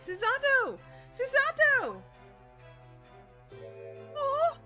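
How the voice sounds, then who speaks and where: A woman voicing an excitable, grateful young woman character in a courtroom game. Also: very high voice, takes it slowly, soft background music, voice pushed up, full character voice. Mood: overjoyed. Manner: gushing, eager.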